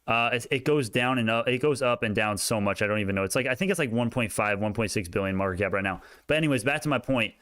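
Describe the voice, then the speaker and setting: A young man in college, a stock market YouTuber giving casual, rambling chart commentary, excitable and prone to tangents. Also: fairly low pitch, quick pace, few pauses, smooth, no echo, clean studio sound. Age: young adult.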